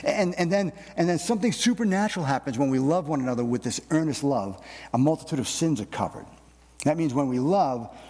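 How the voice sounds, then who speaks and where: A man's voice: medium pitch, darkish tone, slightly rough. A middle-aged man preaching a conversational sermon to his congregation in church, folksy and self-deprecating, often repeating words as he gathers his thoughts. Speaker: pastor. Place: church sanctuary. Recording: long reverb of a large hall.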